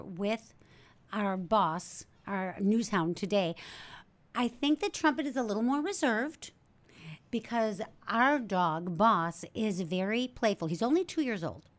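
A woman from an animal shelter talking about a dog up for adoption in a casual interview, chatty and enthusiastic, often restarting her sentences. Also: mid-range voice. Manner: chatty, self-correcting, enthusiastic.

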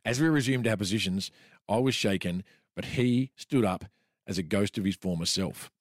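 A man's voice: fairly low pitch, normal speed, dry recording, studio quality. Wry Australian man reading his memoir. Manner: laughs often while reading, wry. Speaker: podcast co-host reading from his own memoir. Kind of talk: storytelling podcast chat, reading aloud.

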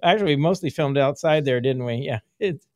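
A man's voice: mid-range voice, a little fast, no room sound, studio quality. A middle-aged man hosting a casual interview, rambling and laughing often as he reminisces. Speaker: podcast host, former filmmaker.

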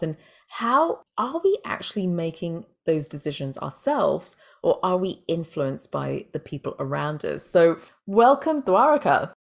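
A woman's voice: lowish voice, creaky. A woman hosting a podcast and interviewing a guest in a chatty, casual way, often using fillers. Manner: chatty, with frequent fillers like "like" and "you know". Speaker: podcast host and family doctor.

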